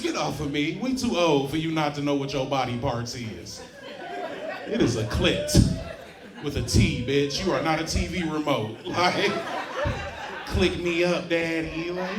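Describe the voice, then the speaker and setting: A man doing a brash, profane stand-up comedy set in a club, often laughing at his own jokes. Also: a little high. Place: comedy club stage before a live audience. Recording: roomy club with loud crowd laughter.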